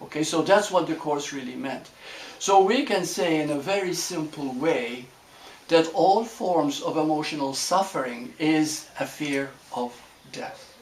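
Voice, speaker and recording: A man giving a reflective spiritual talk to a group, gentle and unhurried, often repeating phrases and checking that listeners follow. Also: fairly high pitch. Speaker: spiritual teacher. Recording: roomy echo with faint ambient noise.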